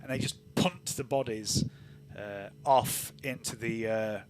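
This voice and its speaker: A man running a tabletop game as game master, narrating in a relaxed, rambling way with lots of fillers. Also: mid-range voice, unhurried.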